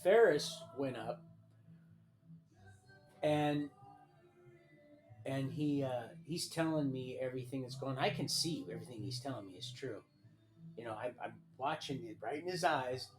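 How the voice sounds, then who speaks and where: A man recounts his life story on a live stream, talking casually at a middle pitch. He rambles and restarts his sentences as he reads bits of a document aloud. Soft music plays faintly behind him. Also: measured pace, long pauses. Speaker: livestream storyteller.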